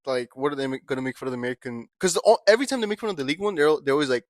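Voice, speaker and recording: A man's voice: mid-range voice, very fast, no echo. A young man co-hosting a podcast, talking in a loose, rambling way full of fillers. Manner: rambling, laid-back, lots of fillers. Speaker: podcast co-host. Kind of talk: casual chat.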